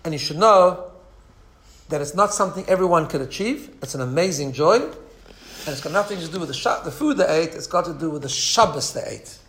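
A man's voice: fairly high pitch, lively intonation, brisk, fairly bright tone. A man voicing an old mystic teacher in a story, speaking in a solemn, instructive way.

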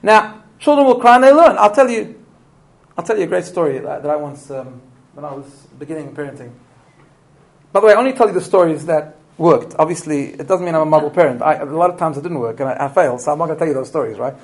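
A middle-aged man with a slightly raised voice teaches a room full of parents. He tells stories with lively swings of energy, often restarts his sentences, and keeps checking in with his listeners through quick questions. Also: fairly high pitch, rough recording. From immigrant to Australia. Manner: animated storytelling with restarts and rhetorical questions. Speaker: parenting lecturer. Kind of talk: live parenting talk to an audience.

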